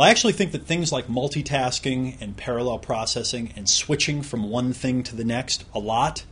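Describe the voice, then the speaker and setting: Man, course instructor, slightly husky, chatty explainer who talks straight to the listener. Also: medium pitch. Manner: conversational, explaining with examples and direct questions to the listener. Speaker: self-help course instructor. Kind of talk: recorded productivity lesson.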